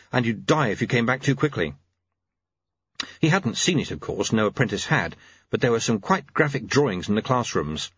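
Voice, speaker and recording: A man's voice: mid-range voice, a bit bright, breathy edge. A man narrating an audiobook in a dry, wry storytelling manner on a dull, lo-fi recording. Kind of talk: scripted narration.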